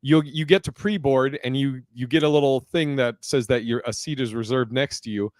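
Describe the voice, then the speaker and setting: A man's voice: medium pitch, normal speed, no room sound, studio quality. A man hosting a podcast, telling stories in casual chat with plenty of swearing. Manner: profane, animated storytelling. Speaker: podcast host.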